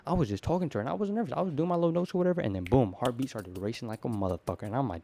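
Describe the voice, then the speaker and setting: Fast-talking teen guy, profane and slangy. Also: mid-range voice, gravelly. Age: teens. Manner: profane, slangy, animated storytelling. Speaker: teen vlogger. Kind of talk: casual rambling monologue to camera.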